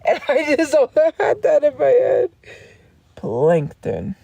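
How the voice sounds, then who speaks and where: A woman chats on her livestream in a slow, meandering way, laughing often and doubling back on her words. Her voice is mellow and soft-edged, captured dry and close with no room around it. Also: high voice, huge pitch swings, creaky, no echo. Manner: rambling, laughing, trails off and restarts. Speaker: streamer. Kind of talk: casual livestream chat.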